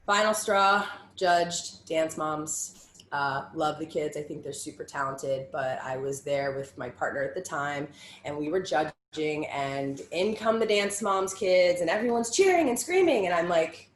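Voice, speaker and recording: A woman with a lowish voice speaks candidly at a panel talk, giving personal testimony in raw, blunt bursts and swearing without holding back. The sound bounces around a roomy space, with a faint hum underneath. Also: unhurried. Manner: candid and raw, swears freely, stacks short phrases in lists. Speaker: panel speaker sharing survivor story.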